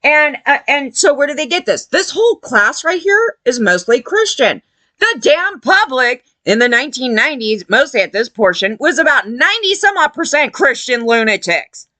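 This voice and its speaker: High, lively, bright-voiced woman ranting. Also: no echo. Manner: heated, profane and scornful, quick to mock in quoted voices. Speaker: commentator. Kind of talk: ranting opinion video.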